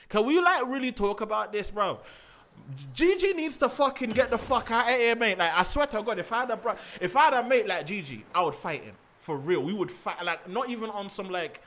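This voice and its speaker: A young man, ranting playfully and swearing while streaming a game. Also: high-pitched. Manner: animated, swearing, playful rants. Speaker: gaming streamer. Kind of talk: casual gaming commentary.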